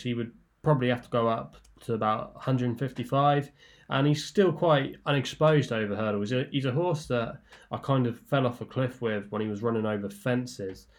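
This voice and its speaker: A man giving horse racing tips in a relaxed, rambling way, with lots of fillers and restarts. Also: mid-range voice. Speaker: racing tipster guest. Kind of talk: casual racing tips discussion.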